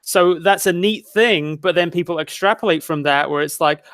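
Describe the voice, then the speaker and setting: A man's voice: high-pitched, moderate pace, fairly bright tone, no room sound, clean studio sound. A man speaking as a guest in a casual discussion, in an easygoing conversational way with some casual swearing. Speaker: guest video critic. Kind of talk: casual chat.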